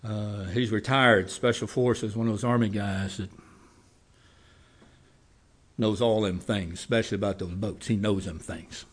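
A man preaching a sermon, telling a homespun story in a folksy way and moving from loud, quick lines to slow, quiet ones. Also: on the low side, fairly even intonation.

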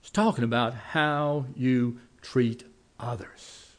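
A man preaching a sermon, telling a homespun story in a folksy way and moving from loud, quick lines to slow, quiet ones. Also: mid-range voice.

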